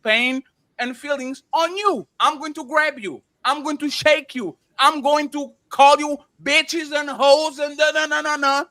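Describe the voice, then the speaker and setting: A man with a strikingly high voice argues on a panel, pressing his point with repeated names and words. His tone is bright and pointed, and he cuts in over the others. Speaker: panel show host. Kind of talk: heated panel debate.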